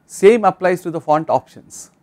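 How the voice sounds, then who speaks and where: A man's voice: high-pitched, animated, normal speed, a little mellow. A man with an Indian English accent giving a recorded online course lecture, speaking instructively and addressing viewers directly.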